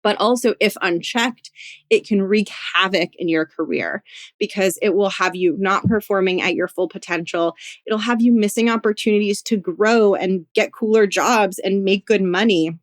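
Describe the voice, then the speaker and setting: A woman career coach hosting her own podcast, talking alone in a gentle, encouraging way, with many "like"s and "you know"s. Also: medium pitch, moderate pace, no echo, studio quality. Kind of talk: solo podcast monologue.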